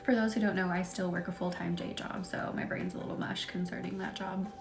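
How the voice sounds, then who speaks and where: A young woman hosting a live reiki session, chatting casually with viewers and slipping into soft whispers while guiding energy work. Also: fairly low pitch, steady tone, a little fast. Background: soft music.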